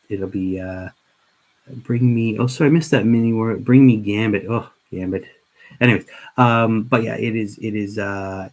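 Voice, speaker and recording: While painting miniatures on a livestream, a middle-aged man with a slightly low voice chats directly to his viewers. He rambles earnestly in casual talk and often restarts sentences, and the audio quality is poor.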